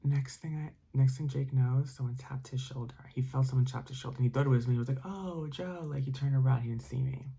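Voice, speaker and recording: A man's voice: medium pitch, level tone, quick pace, gravelly, hardly any pauses, mellow, breathy edge. A man telling a spooky story casually, rambling with many fillers and dropping into whispers. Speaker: storytime narrator.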